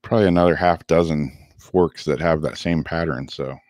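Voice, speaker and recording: A man's voice: rumbling low, moderate pace, a little mellow. A laid-back man co-hosting a casual livestream, chatting and reading card meanings aloud, laughing easily while losing his voice. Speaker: co-host.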